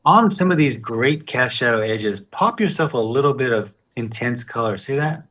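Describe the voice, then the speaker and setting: A man's voice: mid-range voice, expressive, normal speed, fairly bright tone, distant mic. A man teaching a live painting demonstration, talking loosely and joking while he works. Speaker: guest painting instructor.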